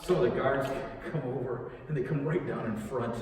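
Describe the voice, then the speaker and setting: A man acting a troubled Roman soldier who builds crosses, telling his story in a rambling, halting way in a church monologue. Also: medium pitch, noisy background, lightly acted. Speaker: actor in a church Easter monologue. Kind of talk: dramatic monologue. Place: church sanctuary. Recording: echoey church hall, mic far off.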